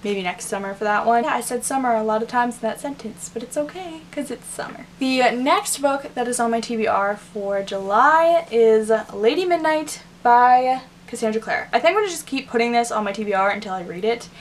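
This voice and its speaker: A woman's voice: on the high side, expressive, a little fast, hardly any pauses, a little hiss or hum. A young woman talking casually to camera about her reading list, rambling and chatty with lots of filler words. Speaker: book vlogger.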